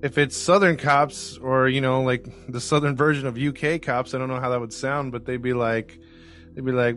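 A man's voice: mid-range voice, fairly even intonation, normal speed, a bit bright, faint music behind. A man co-hosting a podcast who talks casually and hesitantly, correcting himself as he goes. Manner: hesitant, self-correcting, laughs easily. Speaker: podcast co-host.

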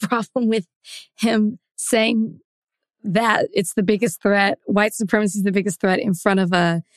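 A woman co-hosting a podcast, making her case in quick, opinionated bursts. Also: medium pitch, steady tone, dry recording, clean studio sound. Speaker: podcast co-host. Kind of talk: casual chat.

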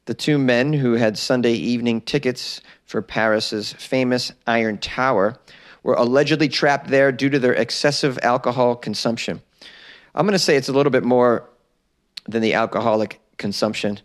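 A man's voice: medium pitch, moderate pace. An American man hosting a comedy news podcast, reading odd stories with sarcastic asides and laughing at his own jokes. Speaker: podcast host. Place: small closet.

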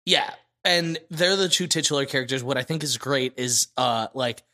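A man co-hosting a podcast in casual chat, excitable and giggly, often acting out quotes. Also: mid-range voice, normal speed. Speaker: podcast co-host.

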